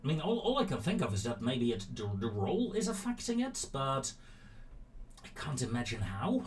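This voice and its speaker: A man's voice: mid-range voice, very animated, normal speed, far from the mic, a little hiss or hum. A man commentating a naval strategy game, issuing clipped commands to his ships and grumbling when things go wrong. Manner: talks to his ships in clipped commands, growing openly annoyed.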